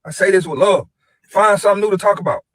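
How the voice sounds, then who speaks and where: A fairly high-voiced man argues his case bluntly. He tells a pointed story in a dry, close recording with no room sound. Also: fast, fairly bright tone, no echo, poor audio.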